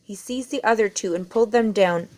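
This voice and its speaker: A woman reading a fantasy novel aloud in an expressive amateur audiobook style, stumbling and correcting herself now and then. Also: medium pitch, brisk. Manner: expressive, with slips and self-corrections. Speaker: reader.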